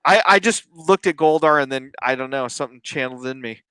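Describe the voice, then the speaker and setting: A man's voice: mid-range voice, quick pace, pushed and bright, smooth, dry recording. A man talking as a guest in a casual review chat, teasing and jokey. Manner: teasing, jokey, slips into silly voices. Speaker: podcast guest.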